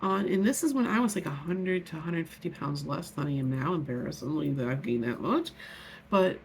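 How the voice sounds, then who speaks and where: A woman's voice: low-pitched, lively intonation, brisk, darkish tone, slight background noise. A middle-aged woman telling a personal story in an earnest, heartfelt, rambling way, often restarting her sentences. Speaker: vlogger. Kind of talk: emotional personal vlog.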